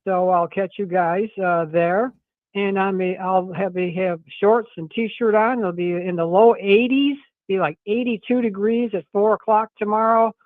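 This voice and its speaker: A man's voice: sits high, steady tone, a little slow, dry recording. A man giving a chatty, easygoing radio weather forecast by phone. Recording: tinny phone line.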